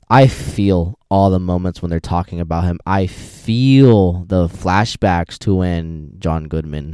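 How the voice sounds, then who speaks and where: Young male podcast host, excitable rambling rant, low mellow voice. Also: clean tone, dry recording, clean studio sound. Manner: animated, rambling, enthusiastic. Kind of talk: casual movie rant.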